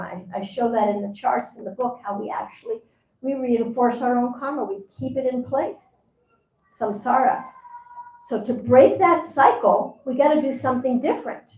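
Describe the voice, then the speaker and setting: A woman's voice: on the high side, a little mellow. A woman teaching at a spiritual seminar in a conversational way, often acting out what people say. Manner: conversational, acts out quoted voices. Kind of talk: seminar talk. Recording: roomy echo.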